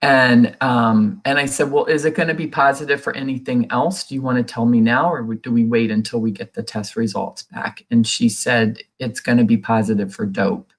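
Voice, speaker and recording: A woman's voice: rumbling low, steady tone, normal speed, few pauses. A middle-aged woman, a guest in an interview, telling a personal story in an earnest, conversational way and acting out what people said. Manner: earnest, reenacts quoted dialogue in her telling; many fillers and restarts, conversational. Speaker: guest sharing a recovery story.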